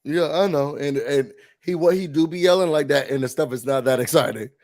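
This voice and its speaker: Brief: high-pitched male co-host, nasal from a cold, animated recap chatter with acted-out quotes. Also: fairly quick. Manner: animated, acts out quotes with big shouts. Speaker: podcast co-host. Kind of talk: casual recap chat.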